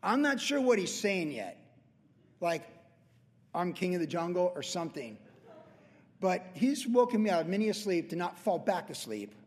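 A man preaching in a long-reverb hall, his voice pitched fairly high. He teaches verse by verse and swings between jokey pet stories and serious points. He drops into silly animal voices along the way. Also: sing-song, moderate pace. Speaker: pastor. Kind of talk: verse-by-verse sermon.

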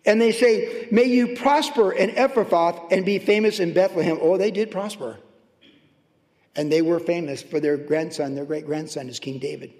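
A man preaching a sermon as pastor, swinging between loud, animated highs and hushed, tender lows. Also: normal speed. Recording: long reverb of a large hall.

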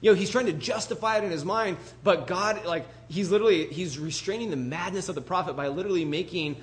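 A man preaching a conversational sermon in an animated, chatty way, full of asides to the congregation. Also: high voice, fast.

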